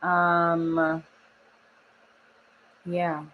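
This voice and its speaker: A woman's voice: lowish voice, monotone, drawn-out words, phone-quality sound. A young woman from Oklahoma chatting casually on a live stream, laughing often and reading the chat aloud. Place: home studio.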